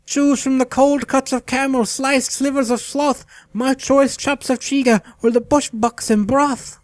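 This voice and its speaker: A man puts on a fawning market merchant in a fantasy adventure game, his voice jumping up high and ringing loud. He gushes and grovels, piling flattery on each customer. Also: unhurried, dry recording. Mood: gushing. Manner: fawning, gushing alliteration, squealing delight. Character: groveling, overeager male meat merchant.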